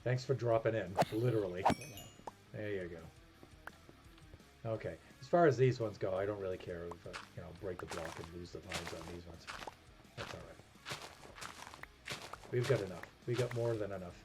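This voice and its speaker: New England man, low voice, relaxed self-deprecating stream chatter over clear background music. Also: moderate pace, long pauses. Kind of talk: casual gameplay commentary. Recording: music playing behind.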